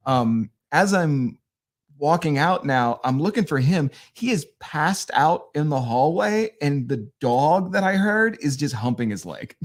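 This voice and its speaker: A man from northeastern Pennsylvania, a guest comedian telling road stories with a casual, profane, deadpan delivery. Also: a little high, unhurried. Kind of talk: casual storytelling.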